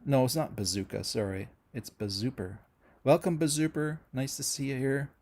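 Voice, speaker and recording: A middle-aged man from Canada hosts a relaxed livestream, greeting viewers one by one. He talks in a rambling, friendly way, with plenty of "uh"s and restarts, and his voice sits at an ordinary middle pitch. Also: moderate pace. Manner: chatty, friendly, rambling with many fillers and restarts. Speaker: host of a music channel livestream. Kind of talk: casual livestream chat reading viewer comments.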